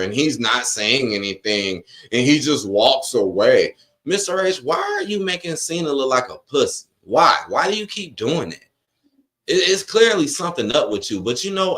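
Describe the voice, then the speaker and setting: Dude ranting live on stream, voice swings up and down a lot, cussing, reading chat. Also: male voice, mid-range voice, fairly bright tone. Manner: frustrated, profane ranting, reads chat aloud. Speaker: wrestling watch-along streamer. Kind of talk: live-stream reaction rant.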